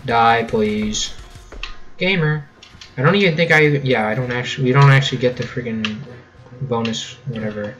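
A man's voice: mid-range voice, normal speed, fairly bright tone, low-quality recording. A young man giving casual, jokey gameplay commentary with sarcastic running gags. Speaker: let's play host.

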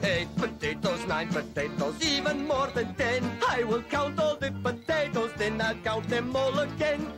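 A woman's voice: on the high side, expressive, unhurried, hardly any pauses. A woman voicing a cheerful male cartoon shopper who must count everything, singing and chanting in a bouncy sing-song. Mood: cheery. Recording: with loud music behind.

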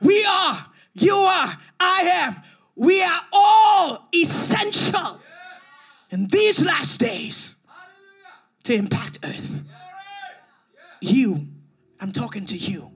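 Fervent high-voiced woman preacher. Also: big pitch swings, drawn-out words, long pauses. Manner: fervent, rhythmic preaching with repeated phrases; calls on listeners to answer back. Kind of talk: sermon.

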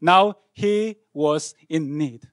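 Dramatic high-voiced male preacher. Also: very slow, no room sound, clean studio sound. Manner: dramatic, swinging from loud outbursts to hushed lines. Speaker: pastor. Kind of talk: sermon. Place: university chapel.

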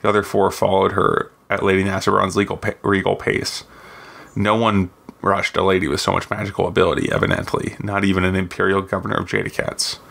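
A man's voice: deep voice, little pitch movement, fairly quick, gravelly, fairly bright tone. A man reading aloud from his own fantasy novel, with occasional slips and restarts. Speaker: guest reader, author.

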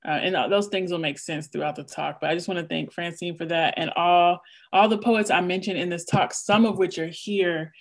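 A woman poet giving a craft talk over a video call, reading a prepared lecture in a measured, rhythmic cadence and sounding a little nervous. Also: lowish voice, steady tone.

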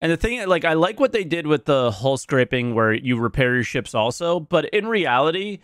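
A man's voice: fairly high pitch, very animated, normal speed, a bit bright, no room sound. A man streaming his reaction to a video, thinking aloud in a casual way with frequent restarts. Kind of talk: casual live-stream commentary.

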